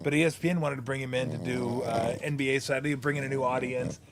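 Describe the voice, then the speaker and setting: A man hosting a casual podcast, telling stories in a lively way and laughing at his own punchlines. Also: medium pitch, fast talker, background noise. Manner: animated storyteller, laughs through punchlines. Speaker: podcast host, former NBA broadcaster. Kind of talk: casual storytelling chat.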